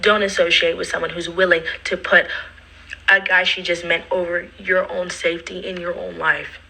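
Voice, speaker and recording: A woman's voice: on the low side, normal speed, creaky, breathy edge, low-quality recording. A young woman casually retelling a personal story, acting out the quotes and dropping into whispered asides. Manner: animated, acts out quotes, drops to whispered asides.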